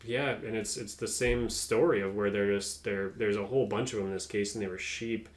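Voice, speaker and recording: A man's voice: on the low side, steady tone, fairly quick. A man co-hosting a podcast, explaining a topic in casual chat, hesitant and full of ums. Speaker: podcast co-host.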